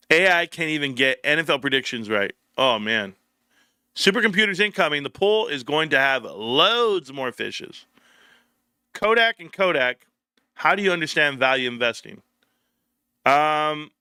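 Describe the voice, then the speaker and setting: A man's voice: medium pitch, bright, forceful tone, no echo, clean studio sound. A young man hosting a casual livestream, joking and riffing as he reads chat messages aloud. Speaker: livestream host.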